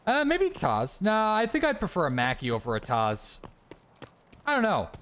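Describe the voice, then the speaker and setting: A man's voice: sits high, huge pitch swings, moderate pace, a bit bright, a little hiss or hum. A young man, streaming a shooter game with joking, swearing running commentary. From Canada. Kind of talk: casual gameplay commentary.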